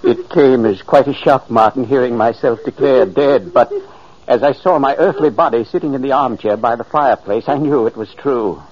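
A man's voice: mid-range voice, moderate pace, lightly acted. An actor playing the earnest, pleading spirit of a dead older man in a 1940s radio drama. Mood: solemn. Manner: solemn, urgent narration. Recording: muffled old radio recording.

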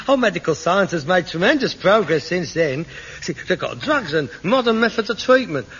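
An actor playing a melodramatic, hypochondriac grown son, pompous and whining in a 1960s sitcom. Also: male voice, high voice, very animated, normal speed, fairly bright tone, slightly rough, exaggerated voice. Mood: reassuring. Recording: dull old television recording.

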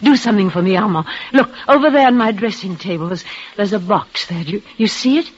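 A woman's voice: medium pitch, animated, slightly rough. A dying young woman, breathless. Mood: resigned, tender. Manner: breathless, emotional, halting repetitions. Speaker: leading lady in a radio play. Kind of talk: 1940s radio acting. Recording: dull lo-fi old radio recording.

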